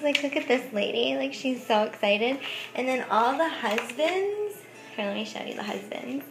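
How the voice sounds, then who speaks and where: A woman's voice: fairly high pitch, sing-song, slow pace, creaky, background noise. A woman craft vlogger chatting casually about thrift finds, giggling often and saying "like" a lot. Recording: echoey room.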